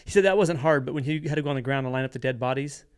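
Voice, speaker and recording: A man co-hosting a podcast who asks rapid, hesitant questions in casual chat. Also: medium pitch, clear, resonant tone, no echo, clean studio sound. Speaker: podcast co-host.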